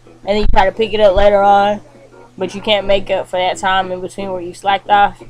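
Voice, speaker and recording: A young woman, a college student, chatting casually to camera from her bedroom, with lots of fillers and animated asides. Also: mid-range voice, fairly quick, faint music behind, poor audio. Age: young adult. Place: bedroom, indoors.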